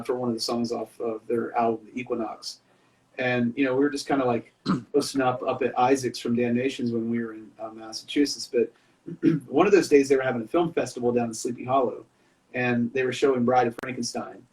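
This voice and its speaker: A man's voice: mid-range voice, darkish tone, recorded from a distance, rough recording. Rambling man talking a bit off-mic. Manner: rambling storyteller, lots of dude and man fillers. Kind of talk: casual chat.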